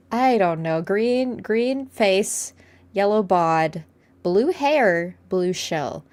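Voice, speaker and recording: A woman co-hosting a casual chat, laid-back, thinking aloud with ums and drawn-out words. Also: mid-range voice, animated, darkish tone. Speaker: podcast co-host.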